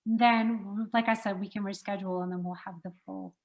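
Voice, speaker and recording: A woman's voice: medium pitch, steady tone, normal speed, a little mellow, rough recording. A woman hosting an internet radio show, talking easily and laughing often. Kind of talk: casual interview.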